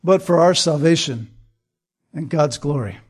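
A man's voice: fairly high pitch, lively intonation, a little slow, darkish tone, husky. A man preaching a sermon, earnest and emphatic, building points through repetition. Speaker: pastor.

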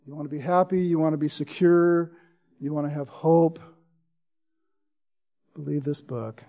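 A man's voice: fairly high pitch, fairly even intonation, fairly quick, warm tone. A man preaching a sermon in an emphatic way, reading scripture and often asking "right?". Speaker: pastor.

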